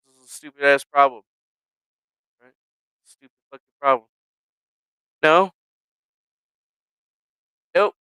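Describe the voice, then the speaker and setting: A man streaming from his home setup, ranting casually and profanely, swearing at his own software. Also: mid-range voice, slow pace, pauses often, clear, resonant tone, no room sound, clean studio sound. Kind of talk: casual livestream rant. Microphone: desk microphone with noise gate.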